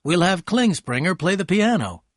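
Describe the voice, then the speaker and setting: A man voicing a charming, wealthy young gentleman who speaks with eager courtesy, in an audiobook reading. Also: high voice, very animated, moderate pace, no room sound, studio quality, pitched above the performer's own voice.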